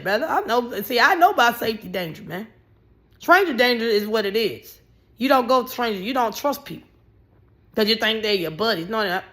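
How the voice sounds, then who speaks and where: A woman rants in a casual commentary, blunt and animated. She swears freely and her voice jumps up in sudden bursts. Her tone is bright and cutting, pitched a little high. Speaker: vlogger.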